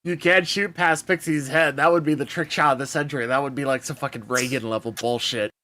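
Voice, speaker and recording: Guy running a tabletop game over a voice call, bright clear voice, swears a lot. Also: medium pitch, steady tone, brisk, slight background noise. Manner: swears casually, laughs mid-sentence. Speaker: game master.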